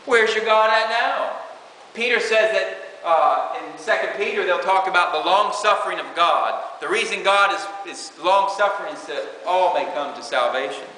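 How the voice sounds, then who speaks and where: A man's voice: high voice, moderate pace, few pauses, bright, forceful tone. A man preaching an informal sermon, reading scripture and talking conversationally with many "you know"s. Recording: echoey hall with faint hiss.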